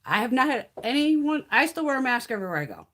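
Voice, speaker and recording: A woman's voice: sits high, sing-song, quick pace, fairly bright tone. A middle-aged woman hosting a makeup live stream, telling blunt, heavily profane stories and laughing through them in casual chat.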